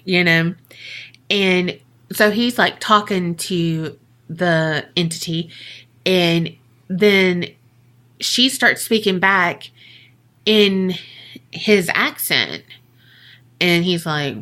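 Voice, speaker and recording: A woman's voice: slow, sharp tone. A woman co-hosting a podcast, telling a ghost story in a chatty, profane way with jokey asides and acted-out voices. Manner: acts out quoted voices with big pitch jumps. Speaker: podcast co-host. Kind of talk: casual storytelling.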